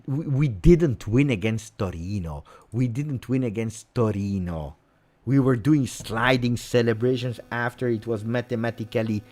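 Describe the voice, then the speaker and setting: A fan channel host with an Italian accent reacts live to football, ranting angrily and repeating himself. His voice is medium in pitch with a darkish tone.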